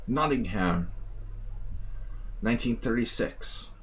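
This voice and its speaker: An American man with a medium-pitched voice and lively intonation speaks slowly while streaming a chess simul. He mutters his thoughts aloud during play and pokes fun at himself.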